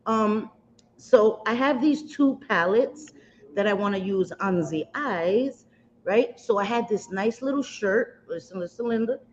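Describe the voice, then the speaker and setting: A woman with a mid-range, slightly mellow voice hosts a casual makeup livestream. She rambles at length in a self-deprecating way, calling her viewers pet names. There is a little hiss or hum in the slightly dull, lo-fi audio.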